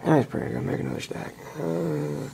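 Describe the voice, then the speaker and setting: A man's voice: on the high side, normal speed, gravelly, mellow, breathy edge, full character voice. A man voicing a cranky old male schoolteacher who barks crude orders at his class. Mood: rambling. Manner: crabby, crude, barking orders. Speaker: puppet comedy actor.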